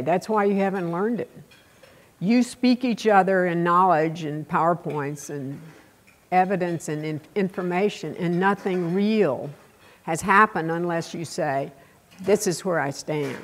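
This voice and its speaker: An older woman with a Texas accent giving a keynote speech, telling blunt, salty stories with dramatic pauses. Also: fairly low pitch. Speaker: keynote speaker.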